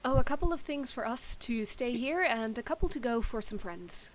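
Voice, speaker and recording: Woman player, relaxed, slightly high voice, faint noise behind. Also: normal speed. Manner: relaxed, easygoing, thinks aloud. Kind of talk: casual tabletop play.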